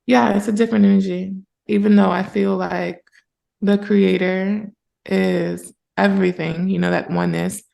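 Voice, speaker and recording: A woman speaking as a spiritual mentor and podcast guest, in casual conversation, earnest and animated as she retells moments. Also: mid-range voice, moderate pace, vocal fry.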